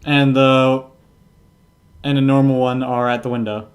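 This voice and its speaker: Male game master, mid pitch, slow and relaxed, lots of ums. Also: faint music behind. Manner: unhurried, with frequent filler words and laughs. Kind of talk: narrating a tabletop game.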